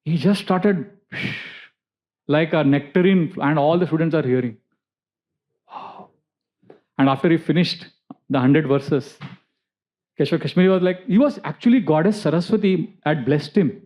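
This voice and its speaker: A man's voice: on the high side, normal speed, long pauses, a little mellow. A man, a spiritual teacher giving a festival sermon class, telling a story and explaining terms with asides. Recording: dull lo-fi recording.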